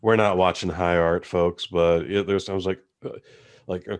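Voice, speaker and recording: A young adult man hosting a podcast, chatting casually about movies in a rambling, animated way with casual swearing. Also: sits low, normal speed. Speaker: podcast host. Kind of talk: casual movie-review chat.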